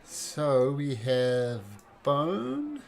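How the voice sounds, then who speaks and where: A man narrating a tabletop game as game master, halting with fillers and restarts. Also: medium pitch, very animated, gravelly, darkish tone.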